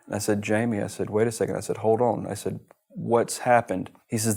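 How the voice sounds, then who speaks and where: A man's voice: fairly low pitch, little pitch movement, brisk, gravelly, a little mellow, breathy edge. A middle-aged man from the United States, telling his own story as an interview guest in an earnest way, often repeating words. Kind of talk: personal storytelling.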